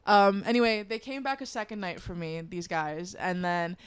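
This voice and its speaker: A woman's voice: lowish voice, expressive, moderate pace, clear, resonant tone, no echo. A young woman co-hosting a podcast, telling stories in a chatty way with lots of fillers. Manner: chatty storyteller, filler-heavy. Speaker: podcast co-host. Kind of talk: casual chat.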